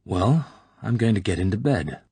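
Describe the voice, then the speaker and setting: James Bond, cool and low, read by a man. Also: expressive, normal speed, warm tone, breathy edge, dry recording, exaggerated voice. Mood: cool sardonic. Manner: cool, sarcastic. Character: cool, sardonic British spy, man.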